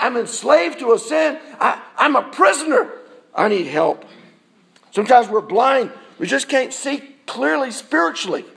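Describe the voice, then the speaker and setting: A man's voice: very high voice, vocal fry, fairly bright tone. A male pastor giving a conversational sermon in a church, often asking the congregation rhetorical questions.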